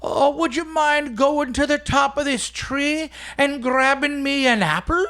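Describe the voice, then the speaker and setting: A man playing a stingy, drunken Irish trickster in a put-on Irish brogue, high and lilting. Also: a little slow, sharp tone, heavily acted. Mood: cheeky.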